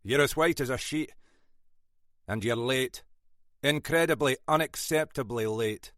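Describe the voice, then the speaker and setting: A man's voice: medium pitch, a little slow, fairly bright tone, no room sound, pitched above the performer's own voice, lightly acted. A man voicing a brusque, scolding older Scottish male detective inspector in an audiobook. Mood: stern. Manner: brusque, scolding, dry wit. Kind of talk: audiobook character voice.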